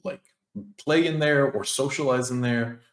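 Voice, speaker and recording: A man's voice: medium pitch, measured pace. A man co-hosting a casual podcast chat, talking through his ideas with enthusiasm and lots of fillers. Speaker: podcast co-host. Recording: roomy echo.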